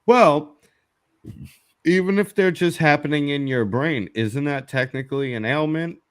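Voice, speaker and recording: A man's voice: a little high, unhurried, clean tone. Blunt, profane man. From New York. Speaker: live stream host. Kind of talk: casual chat.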